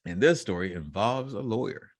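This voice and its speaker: A podcast co-host with a lowish, animated voice reads out news stories at a moderate pace, joking and laughing between them. The audio is studio quality with no echo.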